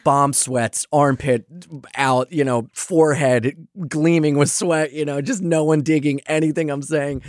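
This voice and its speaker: A man's voice: on the high side, steady tone, unhurried, dry recording, studio quality. A young man, a stand-up comedian, chatting loosely in an interview, with many fillers and casual swearing. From Philadelphia area.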